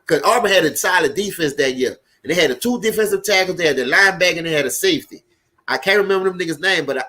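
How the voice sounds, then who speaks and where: A high-voiced man with a New Orleans accent talks loud and fast over a live football game. He swears freely as he reacts to the plays and answers his viewers by name in an easygoing, animated way. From Louisiana. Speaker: sports stream host. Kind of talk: casual live sports commentary.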